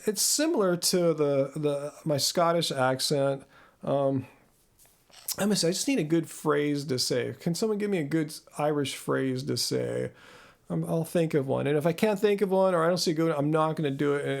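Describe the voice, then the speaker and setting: Host, male, fairly high gravelly voice, rambling and self-deprecating, close mic. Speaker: channel host. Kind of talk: live Q&A chat. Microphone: close studio mic.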